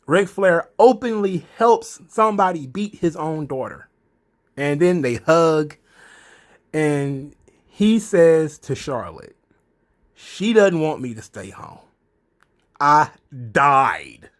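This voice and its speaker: A man hosting a casual commentary vlog, laughing often and talking loosely with profanity. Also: fairly high pitch.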